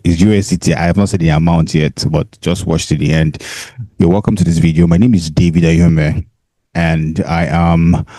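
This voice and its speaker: A man's voice: sits low, warm tone, no room sound. A Nigerian man hosting a casual talk to camera on a handheld mic, chatty and laughing often, repeating points for emphasis. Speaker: host.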